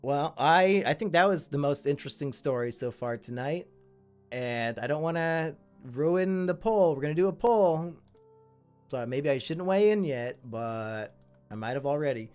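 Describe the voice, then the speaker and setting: Man, live-stream host, blunt and crude, fairly high voice, faint music behind. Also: expressive, moderate pace, a little mellow, clear, resonant tone. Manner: blunt and crude, swearing freely; chatty asides to the chat. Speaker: live-stream host reading viewer stories.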